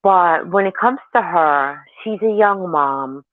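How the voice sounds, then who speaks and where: A woman in her forties rambles candidly through her stories, her tone lively and frank. She comes through a thin, tinny phone line with a dry, close sound. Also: lowish voice, slow, no echo. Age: 40s. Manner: rambling, candid, animated storytelling. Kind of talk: casual chat.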